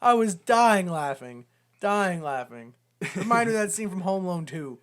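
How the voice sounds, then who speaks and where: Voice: medium pitch, big pitch swings, normal speed. A podcast co-host in casual chat about a movie, joking and laughing often while talking.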